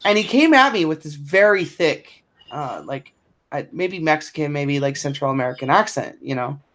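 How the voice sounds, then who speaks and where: A woman's voice: deep voice, animated, moderate pace. A woman chatting on a podcast, telling a profane, blunt anecdote and laughing through it. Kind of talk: casual chat, anecdote telling.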